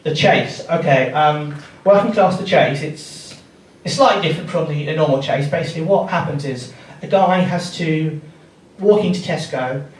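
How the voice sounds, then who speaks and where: A man with a fairly high voice performs laddish stand-up at a moderate pace, swearing and chuckling along with his own material. He's on a theatre stage before a live audience whose laughter is loud, captured by a distant mic with a roomy sound and a little hiss or hum.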